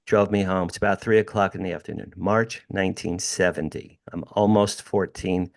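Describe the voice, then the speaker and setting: Animated older man telling a story. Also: low voice, moderate pace, vocal fry. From New Jersey, USA. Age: 60s. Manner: animated, emphatic storyteller who addresses the host by name. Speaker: podcast guest. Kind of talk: storytelling in an interview. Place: home room with drums.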